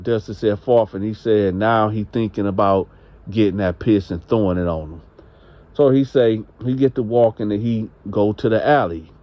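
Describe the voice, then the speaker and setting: A channel host with a voice on the low side tells a story in a rambling, conversational way, sounding unsure on the details. The audio has its highs cut off.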